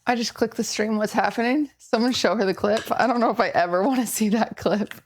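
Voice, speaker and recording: A woman streamer talks to her chat from her kitchen at home in a loose, casual way. She pokes fun at herself freely, and her voice sits a little higher than most women's. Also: fairly quick. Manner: chatty, self-deprecating, talks to chat.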